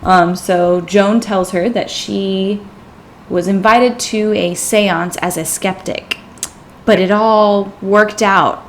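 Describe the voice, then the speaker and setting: A woman's voice: lowish voice, slight background noise. A woman hosting a podcast in casual chat, recapping a film's plot with acted-out quotes and lots of fillers. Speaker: podcast host. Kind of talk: casual movie discussion.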